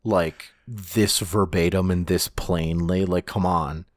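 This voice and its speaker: Slow and steady in tone, this low-voiced male podcast co-host rambles through a casual chat, restarting often and swearing now and then. The studio-quality audio has no room sound.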